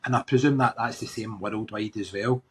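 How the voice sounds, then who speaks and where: A man's voice: fairly low pitch, fairly even intonation, a little fast, slight background noise. A man with a Glaswegian Scottish accent, a comedian guest talking frankly in a casual interview, often restarting his sentences and swearing bluntly. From Scotland. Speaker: guest comedian and tattoo artist.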